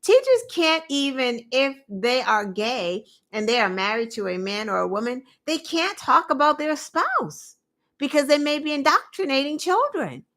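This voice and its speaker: A woman host giving opinionated political commentary, indignant and animated, with mocking asides. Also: high voice, normal speed.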